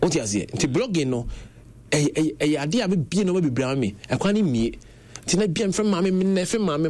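In a slightly high, brisk voice, a young man with a Ghanaian accent shares stories during an easygoing conversation. He switches animatedly between Twi and English, with faint background noise audible.

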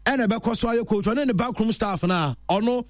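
A man presenting a chatty football news roundup in an animated storytelling way. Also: high voice, moderate pace, no echo, clean studio sound.

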